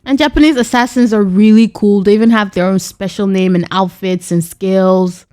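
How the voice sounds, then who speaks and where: A woman's voice: medium pitch, fairly even intonation, moderate pace, darkish tone, clear, resonant tone. A woman co-hosting a podcast in casual chat, sarcastic and teasing. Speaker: podcast co-host.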